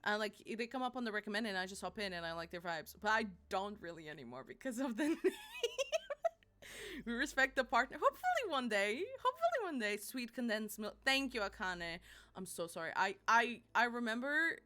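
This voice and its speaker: A young woman streaming live, chatting casually and animatedly, laughing and apologizing a lot and squealing when excited. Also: mid-range voice, fairly quick.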